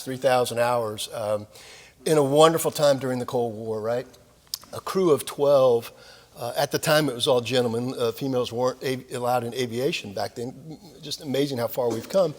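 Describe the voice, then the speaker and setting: A man's voice: medium pitch, vocal fry, in a large hall. An older man, a retired naval officer, giving a lecture with folksy, self-deprecating stories and frequent fillers. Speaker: guest speaker at a military lecture series. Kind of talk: anecdotal lecture. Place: lecture hall of a club.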